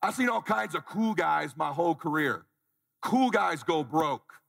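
A man in his forties delivers a fired-up motivational talk from a conference stage, prodding and scolding the audience. His voice sits high for a man and carries a gravelly rasp. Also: lively intonation, unhurried, fairly bright tone, big-room sound. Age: 40s. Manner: intense, blunt and challenging, calls on the crowd. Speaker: motivational speaker.

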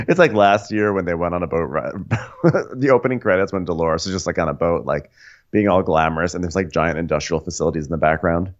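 Deep-voiced rambling podcast co-host. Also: male voice, a little fast. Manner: rambling, filler-heavy, laughing. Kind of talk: comedic TV recap chat. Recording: slightly dull lo-fi recording.

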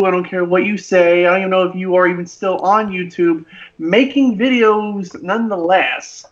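A man's voice: high voice, fairly even intonation, normal speed, lo-fi sound. A man from Oklahoma delivering a profane, blustering mock wrestling trash-talk promo.

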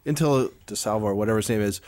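A man's voice: lowish voice, very fast, a little mellow, no echo. Give me a hesitant man from Central New York chatting on a dry-sounding podcast. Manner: hesitant, restarts sentences. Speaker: podcast co-host. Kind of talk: casual podcast discussion.

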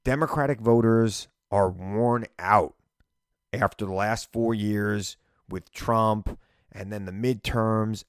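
Long island guy hosting a politics podcast, kinda low voice, blunt and wry, dry close sound. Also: dry recording. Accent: Long Island, light. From Long Island, New York. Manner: blunt, conversational, wry asides. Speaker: podcast host.

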